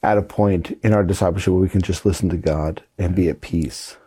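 Male priest guest, deep dark voice, earnest and reflective. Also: steady tone, a little fast, breathy edge. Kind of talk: interview conversation.

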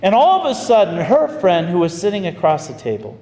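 A man preaching as a pastor, telling a story in an animated, folksy way. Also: high voice, a little fast. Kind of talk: storytelling sermon. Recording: echoey hall with faint ambience.

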